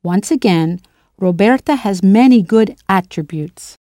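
A woman narrating a scripted language lesson in a clear, playful way, spelling words out letter by letter. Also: mid-range voice, lively intonation, measured pace, dark tone, dry recording, studio quality. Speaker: language teacher.

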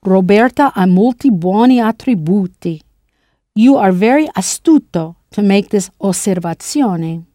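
Mellow woman teaching a language lesson. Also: medium pitch, lively intonation, unhurried, dry recording, clean studio sound. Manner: clear, playful, spells words out letter by letter. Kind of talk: scripted lesson narration.

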